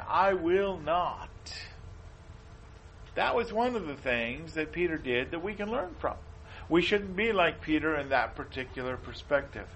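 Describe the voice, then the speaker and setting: A man's voice: high-pitched, a bit bright, slight background noise, low-quality recording. A man preaching a sermon in an earnest way, often repeating himself and reading scripture aloud.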